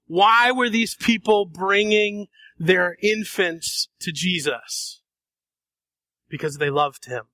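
A man preaching a sermon, dramatic, acting out voices and shifting between soft and loud passages. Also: high-pitched, takes it slowly, no echo. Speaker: pastor.

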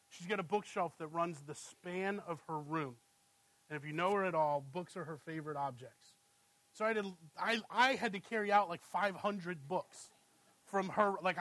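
A man in his thirties preaches in a relaxed, conversational way, asking "right?" again and again. His voice sits high for a man. The sound is dry and close. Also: moderate pace, no echo, poor audio. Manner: conversational, asks "right?" often, animated when storytelling. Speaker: pastor. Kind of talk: sermon with family anecdotes.

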